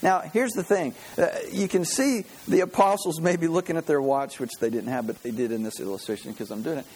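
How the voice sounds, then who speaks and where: A man preaching a sermon, telling stories with animated energy and acting out the voices. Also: on the high side, fairly quick, husky, low-quality recording. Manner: animated storytelling, acts out voices. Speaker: pastor.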